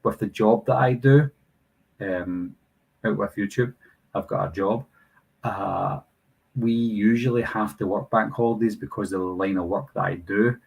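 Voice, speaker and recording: A man's voice: on the low side, a little slow, creaky, darkish tone, slightly rough, low-quality recording. A British man in his thirties hosting a live Q&A stream, reading viewer comments and chatting casually. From United Kingdom. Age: 30s. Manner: chatty, reads viewer comments aloud and answers them.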